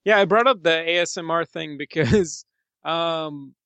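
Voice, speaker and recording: A man's voice: on the high side, unhurried, fairly bright tone, smooth, dry recording. A man co-hosting a podcast, chatting casually about a film with lots of fillers and easy laughs. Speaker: podcast co-host.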